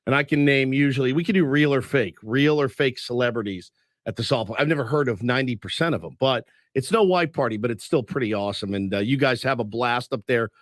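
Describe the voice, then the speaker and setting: A man's voice: mid-range voice, fast talker, no room sound, clean studio sound. A man co-hosting a sports radio show, easygoing and casual. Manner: easygoing, says "man" and "dude" a lot. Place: radio studio.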